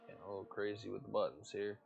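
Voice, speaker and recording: An American man commenting on an online racing league, excitable and quick to hype close results. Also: lowish voice, creaky, muffled recording, noisy background. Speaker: race commentator. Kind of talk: esports race commentary.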